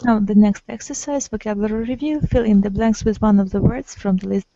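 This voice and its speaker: A woman's voice: medium pitch, steady tone, brisk, warm tone, no echo, muffled recording. A woman teaching an English lesson to a small group, patiently prompting and correcting her students. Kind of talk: online group language lesson.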